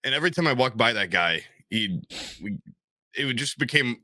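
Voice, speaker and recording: A man co-hosting a casual podcast tells a rambling story, tripping over himself and restarting. He does the other people's lines in raised, excited voices. His voice is bright and forward, and the sound is dry and close. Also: mid-range voice, brisk, no echo. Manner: rambling, self-interrupting, acts out quotes in raised voices. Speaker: podcast co-host.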